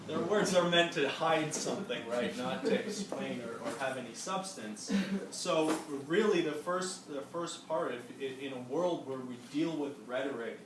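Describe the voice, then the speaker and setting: A young man leading a small study group, talking loosely and casually with many fillers and restarts. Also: mid-range voice. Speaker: discussion leader presenting to a study group. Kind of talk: casual classroom presentation. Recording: echoey room, distant mic, background noise.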